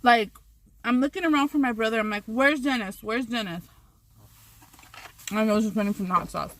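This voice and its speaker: A woman's voice: on the high side, lively intonation, fast talker, a bit bright. Rambling, swearing woman vlogger. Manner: rambling, swears freely, many restarts. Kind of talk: storytime while eating on camera.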